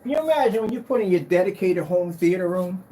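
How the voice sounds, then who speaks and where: Excitable man with a lively voice. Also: sits high, quick pace. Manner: excitable, rambling, hyped-up talk. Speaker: screen paint business owner demonstrating products. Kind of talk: casual product demo vlog with storytelling.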